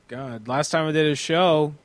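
A man's voice: on the high side, slow, no echo. Laid-back man hosting a call-in show. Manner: laid-back, swears casually. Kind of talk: casual chat.

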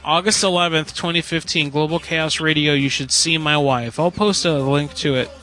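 Excitable bright-voiced male podcast host. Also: fairly high pitch, normal speed, faint music behind. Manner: excitable, swears freely. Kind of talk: casual chat.

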